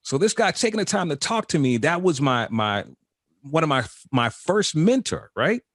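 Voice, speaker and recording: A man in his fifties from Chicago, a veteran radio host telling his story as an interview guest, animated and expressive. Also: fairly high pitch, normal speed, no room sound, clean studio sound. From Chicago, USA. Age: 50s. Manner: animated storyteller, voice jumps up when excited.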